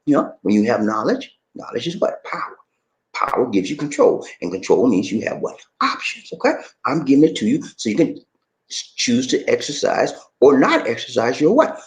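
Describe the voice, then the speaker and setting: A man vlogging in a casual live chat, animated and preachy, asking questions and answering them himself. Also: mid-range voice, moderate pace.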